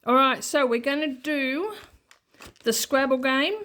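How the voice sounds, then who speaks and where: A woman's voice: sits high, a little slow, a bit bright. An Australian woman talking in a rambling, chatty way with many asides, in an unscripted casual vlog. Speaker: budgeting vlogger.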